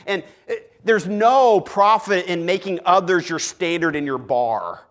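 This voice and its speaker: A man preaching from the pulpit, lively and story-driven, slipping in and out of characters as he makes his points. His voice sits a bit high for a man. A long reverb from the sanctuary rings behind every line. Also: normal speed, hardly any pauses. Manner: animated storytelling, acts out characters. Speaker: pastor. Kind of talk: sermon. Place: church sanctuary. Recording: long hall reverb in church.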